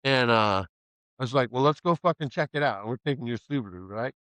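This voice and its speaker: A podcast host from the Pacific Northwest of the US tells a rowdy story in a casual chat, talking fast in a mid-range voice. He swears freely, laughs often, and animatedly acts out other people's lines. The recording is low quality but has no echo.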